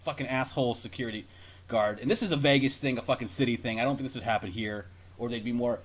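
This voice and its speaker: A man's voice: medium pitch, fast talker, a bit bright. A man co-hosting a casual chat, telling a rambling story full of swearing and acted-out quotes. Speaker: podcast co-host.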